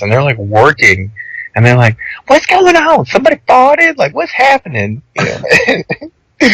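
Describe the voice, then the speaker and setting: A young man co-hosting a podcast, rambling through stories in a loose, animated chat full of "like". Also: medium pitch, no echo, low-quality recording. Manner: rambling, animated storytelling with lots of "like". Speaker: podcast co-host. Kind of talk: casual chat.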